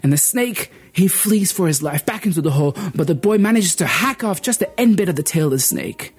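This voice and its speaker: A man performing a folk tale as a storyteller, expressive and dramatic, shifting pitch and pace. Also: fairly quick, husky.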